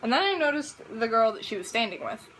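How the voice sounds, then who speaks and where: High, lively teenage girl vlogging. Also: fast, slight background noise, low-quality recording. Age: teens. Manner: animated, dramatic, exclamatory. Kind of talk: casual storytelling to camera.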